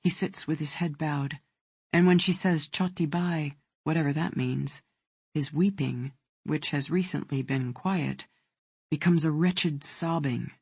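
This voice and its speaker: An audiobook narrator reading a thriller in a measured, even way. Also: mid-range voice, husky, dry recording.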